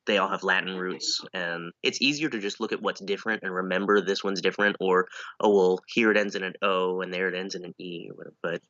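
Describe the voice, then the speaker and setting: A man's voice: low voice, steady tone, quick pace, bright, forceful tone, no echo, highs cut off. A man chatting casually as a comedian guest, dry and self-deprecating, rambling through his answers.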